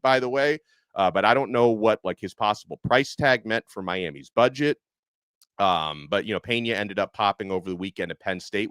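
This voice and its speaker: A man's voice: on the low side, a bit bright, no room sound. A man hosting a sports podcast, chatting through listener questions in a conversational, loose manner. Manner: conversational, many fillers and restarts. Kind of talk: casual sports commentary and listener Q&A.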